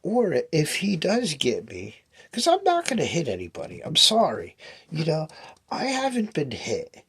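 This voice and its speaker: A man's voice: fairly high pitch, wildly swooping pitch, measured pace, a bit bright, breathy edge. A man in his fifties telling a long personal story in a rambling, profane way, acting out what people said. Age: 50s. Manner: profane, restless, storytelling with acted quotes.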